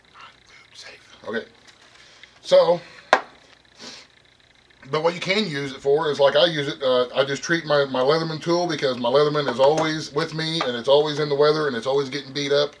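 A man's voice: mid-range voice, slight background noise, poor audio. Folksy rambling man vlogging casually. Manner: rambling, folksy, lots of fillers. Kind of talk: casual product review vlog.

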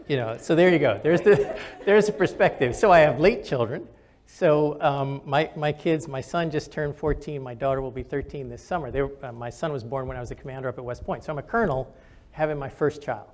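A man's voice: a little high, darkish tone. Older man, retired general, candid storyteller, audience Q&A, lots of um and so. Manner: candid, storytelling, frequent fillers. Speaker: retired army general and physician. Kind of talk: talk with audience questions.

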